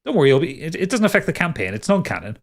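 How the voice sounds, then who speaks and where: A man's voice: on the high side, big pitch swings, racing. A man as game master, wrapping up a tabletop podcast episode in rambling, upbeat casual chat. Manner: rambling, lots of restarts and laughs, upbeat.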